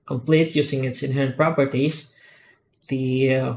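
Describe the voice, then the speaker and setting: Man, mid-pitched, for an unscripted software walkthrough: halting and methodical, with many "uh" and "um" pauses and restarts. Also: little pitch movement, a little hiss or hum. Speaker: software tool developer demonstrating add-ons. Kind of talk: screen-recorded software tutorial.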